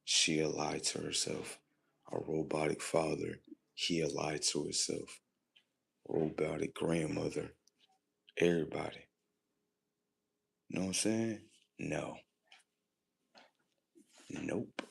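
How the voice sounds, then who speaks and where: A man hosting a livestream, rambling in a casual monologue that repeats itself, swears freely and swings from low muttering to loud emphasis. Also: fairly even intonation, slow pace, gravelly, pauses often, slightly rough. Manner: rambling, repetitive and profane, drifting between muttering and loud emphasis. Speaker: livestream host.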